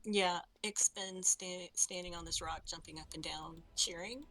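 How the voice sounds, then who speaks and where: A woman's voice: on the low side, fairly even intonation, a little slow, bright, forceful tone, low-quality recording. A woman playing a tabletop game online, thinking aloud hesitantly with many fillers. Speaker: player.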